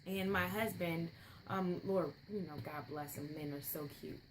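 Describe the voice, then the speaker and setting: A woman's voice: on the low side, moderate pace, a little hiss or hum, low-quality recording. A young adult woman, a mother, telling a story in a chatty, rambling way with frequent asides. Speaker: podcast host, mother. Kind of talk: casual storytelling monologue.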